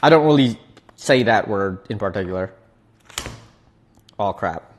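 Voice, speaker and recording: A man's voice: fairly low pitch, lively intonation, unhurried. A man streaming, chatting casually while he eats, laid-back and slangy, often repeating his words. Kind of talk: casual chat while eating.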